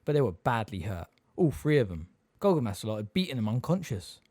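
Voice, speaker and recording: A huge, blunt half-giant gamekeeper, read by a man in an audiobook, plain-spoken and homely. His voice rolls up and down with lively swings of pitch, set against a dry, close recording. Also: brisk, no echo. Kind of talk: audiobook character reading.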